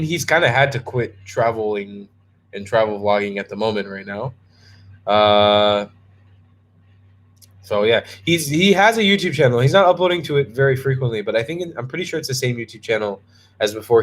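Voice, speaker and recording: Young male streamer, playful and rambling, answers chat loosely in a mid-pitched voice. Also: moderate pace. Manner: chatty, joking, talks to chat by name, many ums and restarts. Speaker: travel vlogger hosting a live stream. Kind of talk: casual live-stream chat reading viewer questions.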